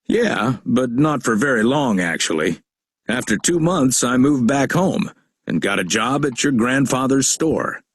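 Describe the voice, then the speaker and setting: A man's voice: mid-range voice, animated, a little slow, slightly rough, dry recording. A middle-aged man playing a joking, genial uncle in a textbook audio dialogue. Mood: reminiscing. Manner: warm, teasing, storytelling.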